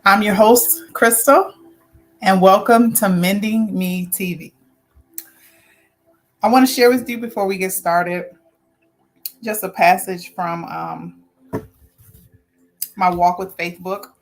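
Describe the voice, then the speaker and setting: A woman's voice: medium pitch, steady tone, slow, pauses often. A woman hosting a spiritual talk show, speaking loosely, often correcting herself and laughing lightly at her slips. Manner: warm, rambling, self-correcting with little laughs. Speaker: host.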